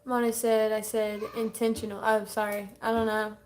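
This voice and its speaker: A woman co-hosting a casual livestream, reading chat comments aloud quickly and laughing often. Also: a little high, completely flat delivery, darkish tone, a little hiss or hum.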